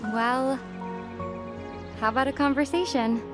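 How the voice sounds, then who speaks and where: A woman voicing a calm young traveler in a game cutscene, speaking softly and thoughtfully in a measured way. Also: high-pitched, over music. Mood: wistful. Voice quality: soft, hushed, contemplative. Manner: measured, reflective, gently questioning. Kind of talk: video game cutscene dialogue.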